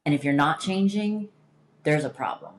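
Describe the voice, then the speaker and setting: Low-voiced, blunt woman podcast host. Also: lively intonation, moderate pace. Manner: emphatic, blunt, swears freely. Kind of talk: candid casual chat.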